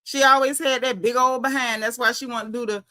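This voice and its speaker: A woman's voice: a little high, fairly even intonation, a little fast, bright, forceful tone. A woman doing casual reality TV commentary for her viewers, sassy and emphatic, repeating her punchlines for effect. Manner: talks straight to viewers as y'all.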